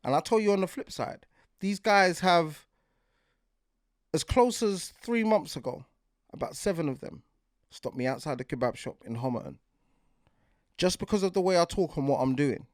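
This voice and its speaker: A man's voice: fairly high pitch, expressive, normal speed, pauses often, no echo, clean studio sound. A man in his forties with a London accent, hosting a podcast in casual, rambling talk that keeps asking if you get what he's saying. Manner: rambling, repeats "do you get what I'm saying", grows more heated. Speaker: podcast host.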